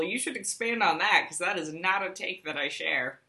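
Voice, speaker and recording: A woman's voice: fairly low pitch, animated, normal speed, pushed and bright. A woman co-hosting a podcast in casual chat, wry and articulate, with dry asides. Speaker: podcast co-host.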